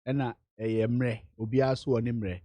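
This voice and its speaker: A man with a Ghanaian accent speaking as a guest on a radio talk show, relaxed in manner. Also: mid-range voice, a little fast, no echo. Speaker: political guest. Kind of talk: radio interview in Twi.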